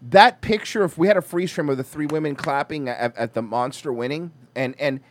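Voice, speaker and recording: An American man co-hosting a podcast in casual, crude, animated chat. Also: a little high, fairly quick, slight background noise. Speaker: podcast co-host.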